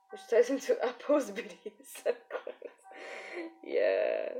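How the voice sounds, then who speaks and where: A woman's voice: medium pitch, wildly swooping pitch, extremely slow, vocal fry, mellow, soft background music, low-quality recording. A young woman chatting casually and giggling often while streaming her art. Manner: giggly, chatty, many fillers. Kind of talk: casual live-stream chat.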